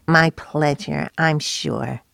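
Mincing, squeaky little man, languid and slow, played by a woman narrator, with an odd, removed tone. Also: fairly even intonation, vocal fry, fairly bright tone, dry recording, clean studio sound, full character voice.

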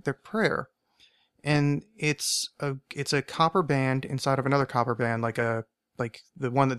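A man's voice: mid-range voice, creaky, no room sound, clean studio sound. A man hosting a podcast alone, telling a rambling anecdote and often correcting himself as he goes. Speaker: podcast host. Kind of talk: casual solo storytelling.

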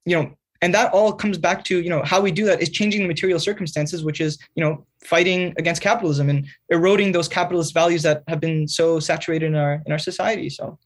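Man, high-pitched, earnest, explanatory, interview guest. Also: fairly even intonation, fast talker, few pauses, husky. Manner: earnest, lecturing, keeps adding "right?". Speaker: guest, magazine writer. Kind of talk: conversational interview answers.

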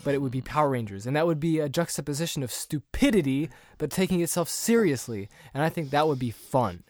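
Man, slightly higher voice, tipsy, rambling, dry close sound. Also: animated, quick pace, no echo. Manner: rambling, restarts sentences. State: a little tipsy. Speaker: podcast co-host. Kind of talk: casual chat.

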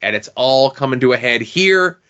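A man's voice: mid-range voice, animated, moderate pace, sharp tone, muffled recording. A man co-hosting a podcast, plugging the show's website and episodes in a wry, self-deprecating way. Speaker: podcast co-host. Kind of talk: casual podcast chat and show plug.

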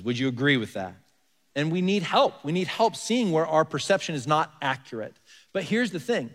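A man's voice: fairly high pitch, fairly bright tone. A man preaching a conversational sermon as pastor. He asks the congregation rhetorical questions and leans hard on key words. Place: church sanctuary. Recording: long reverb of a large hall.

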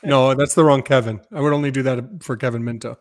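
A man's voice: mid-range voice, fairly even intonation, fast. A man co-hosting a podcast, chatting casually in a dry, teasing way. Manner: dry, teasing, plays the jerk. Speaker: podcast co-host. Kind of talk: casual chat.

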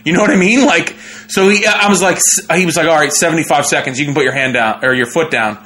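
Young male comic, bright slightly high voice, loose animated storytelling full of fillers and laughs. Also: quick pace. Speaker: comedian guest. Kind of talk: casual storytelling.

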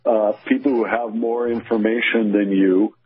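A man's voice: on the low side, level tone, moderate pace, a loud crowd. A man co-hosting a talk radio show, earnest and agreeing. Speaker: radio co-host. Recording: thin phone-line radio audio.

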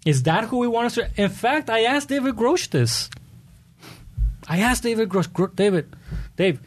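A man's voice: very high-pitched, moderate pace. A man running for local office, telling stories earnestly with frequent restarts in an interview. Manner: earnest, animated storytelling with many restarts. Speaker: political candidate. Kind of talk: conversational interview answers.

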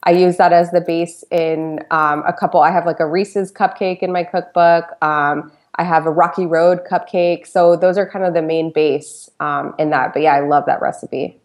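A fairly low-voiced woman talking casually as a podcast guest. She tells stories at a rambling pace and peppers them with "like" and "you know". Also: fairly even intonation, normal speed, hardly any pauses. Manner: chatty storyteller, lots of "like". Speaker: podcast guest, food blogger. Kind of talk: casual chat.

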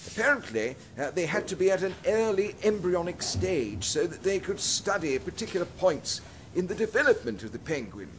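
A man's voice: high voice, very animated, normal speed, a little hiss or hum. A man playing a pompous, easily offended polar expedition captain in a comic history sketch. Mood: huffy. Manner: indignant, stiff-upper-lip bluster.

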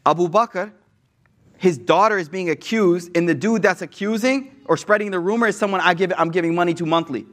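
High-voiced preacher, slangy and lively. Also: male voice, fairly quick. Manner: slangy, animated retelling with acted quotes. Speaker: Islamic preacher. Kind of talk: casual sermon with storytelling.

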